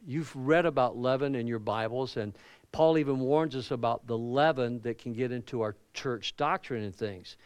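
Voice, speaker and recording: A man's voice: medium pitch, normal speed, clean tone, no echo. A man preaching a sermon as pastor, telling stories and acting out the people in them. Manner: storytelling preacher, animated, acts out quoted people. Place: church.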